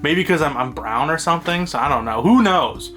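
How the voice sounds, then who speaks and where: Man, casual rambling vlogger on a phone mic, bright tone, faint music under. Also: on the high side, animated, a little fast. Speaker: video blogger. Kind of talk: casual storytelling to camera. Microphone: phone held by himself.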